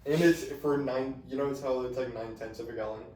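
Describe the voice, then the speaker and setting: A man's voice: mid-range voice, steady tone, fairly quick, a little mellow. A man co-hosting a podcast, explaining things in casual bursts with some swearing. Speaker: podcast co-host. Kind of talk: casual chat. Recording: echoey room, mic at a distance, faint noise.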